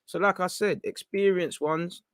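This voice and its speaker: Young man, fan watchalong host, excitable live match commentary, fairly high voice. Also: measured pace, no room sound, studio quality. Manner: excitable, urgent, coaching the players.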